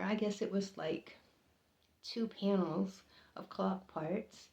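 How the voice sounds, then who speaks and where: A woman recounts something that happened to her, earnest and halting, pausing often and repeating herself as the emotion rises. She speaks at an everyday pitch. The room sounds roomy, and the recording is a little dull. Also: steady tone, a little mellow. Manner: earnest, halting, emotional, voices others' lines higher. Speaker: storyteller. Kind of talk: personal testimony storytelling.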